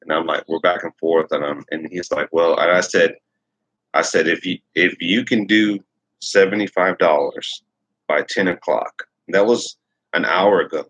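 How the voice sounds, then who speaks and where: A man's voice: sits low, fairly even intonation, normal speed, a bit bright, slightly rough, no echo, rough recording. A man hosting a casual livestream, rambling and repeating himself as he reads viewer comments aloud. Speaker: livestream host.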